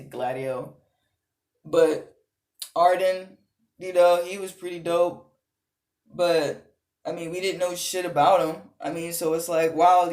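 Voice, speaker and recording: A gaming vlogger ranting casually, exasperated and profane, rambling with frequent fillers. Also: medium pitch. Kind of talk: casual rant. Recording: roomy echo.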